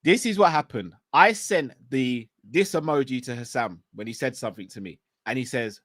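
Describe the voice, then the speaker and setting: A man's voice: medium pitch, moderate pace, few pauses, a bit bright, dry recording. A man co-hosting a live football fan stream, needling and laughing often. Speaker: co-host of a football fan show.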